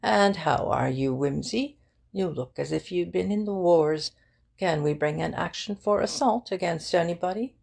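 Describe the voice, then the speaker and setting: An effusive, talkative male barrister who gushes apologies and pleasantries, read by a woman. His voice comes out low and gravelly, with a husky edge, and he takes his time despite the bluster. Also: normal speed, darkish tone.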